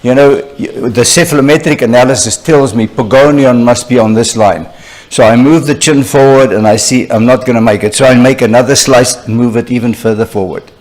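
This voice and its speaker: An older man lectures a room of young colleagues, telling stories in an animated, chatty way. His voice sits at an ordinary middle pitch, and he keeps turning to the audience with quick asides. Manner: conversational, animated storyteller with frequent "you know" asides. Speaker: surgeon lecturing at a conference. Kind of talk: conference lecture with anecdotes.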